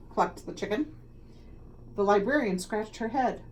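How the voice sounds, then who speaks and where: A woman, a school leader, reading a children's picture book aloud with expressive, dramatic storytelling. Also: medium pitch, takes it slowly. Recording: slightly distant mic, faint noise.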